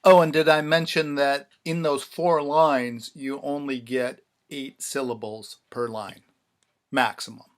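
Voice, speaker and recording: In a self-shot vlog, a man who writes songs talks offhandedly to the camera about lyric writing. He speaks in a mid-range voice with a steady tone and measured pace, his humor dry and sarcastic, full of mock-dramatic repeats.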